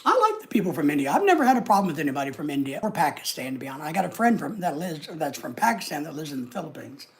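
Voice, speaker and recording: Rapid-fire with hardly any pauses, this American man's somewhat high, sing-song voice fills a casual livestream chat. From his home desk, he reads out viewer comments and says hello to the people in chat.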